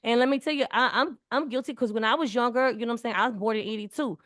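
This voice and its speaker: A woman's voice: fairly high pitch, fast, fairly bright tone, no room sound, studio quality. A woman in her forties, talking in an earnest, emphatic way in casual conversation and often repeating words. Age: 40s. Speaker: community speaker.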